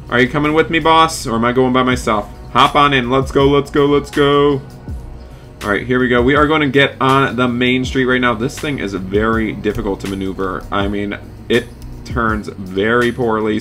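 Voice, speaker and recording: A man's voice: medium pitch, pushed and bright. A man hosting a gaming channel, narrating role-play gameplay step by step and chatting to in-game characters. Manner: eager, narrates each move and chats to in-game characters.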